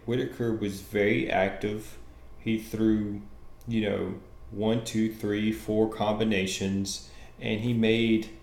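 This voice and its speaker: Slow-talking, analytical male host. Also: fairly low pitch, darkish tone, reverberant. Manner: deliberate, analytical. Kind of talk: casual livestream fight analysis.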